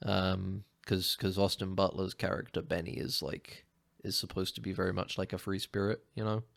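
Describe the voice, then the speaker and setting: Gravelly-voiced man rambling casually. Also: low voice, flat delivery, moderate pace. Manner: rambling, restarts and laughs a lot. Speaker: podcast co-host. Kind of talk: casual chat.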